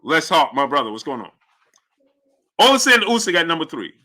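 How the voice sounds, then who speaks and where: A man's voice: fairly high pitch, a little fast. A man hosting a live boxing talk stream, greeting chatters by name and hyping his audience. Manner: animated, hypes the audience, shouts out chat names. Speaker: boxing show host. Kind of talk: livestream commentary reading chat.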